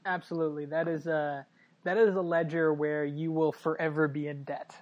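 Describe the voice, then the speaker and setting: Casting: woman, low voice, dry wit, halting podcast banter. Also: level tone, a little mellow, dull audio. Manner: laughing, dry quips, halting with fillers. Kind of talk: casual chat.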